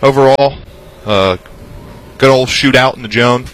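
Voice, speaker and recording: A man's voice: medium pitch, unhurried, rough recording. A man analysing a football game, methodically listing drive results and stats. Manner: methodical, lists stats, trails off softly. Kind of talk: postgame stats rundown.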